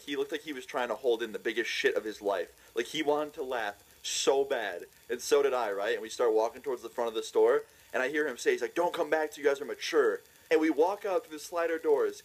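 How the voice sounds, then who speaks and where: A young man rattles through a storytime vlog at a rapid clip, his pitch sitting in an ordinary middle range. He is excitable and swears freely, and he breaks into laughter mid-sentence. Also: low-quality recording. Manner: excitable, profane, laughs while telling. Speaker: vlogger.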